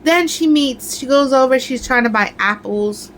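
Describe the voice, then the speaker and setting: A woman talks casually to her viewers in a lively, ranting way, full of fillers and restarts. Her voice sits a little high. A faint hum runs under the recording. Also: moderate pace, low-quality recording. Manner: animated, ranting, lots of fillers. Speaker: crafting vlogger. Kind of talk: casual chat.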